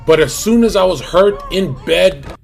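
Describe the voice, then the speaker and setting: A man's voice: sits high, expressive, unhurried, vocal fry, faint music behind. A young man hosting a livestream, talking in a rambling, slangy way with lots of fillers and restarts. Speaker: livestream host. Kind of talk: casual livestream chat.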